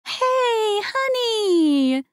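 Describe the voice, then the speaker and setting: A woman voicing a cheerful middle-aged mother in an audiobook, pitched high and gushing. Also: sing-song, extremely slow, dry recording, studio quality, heavily acted.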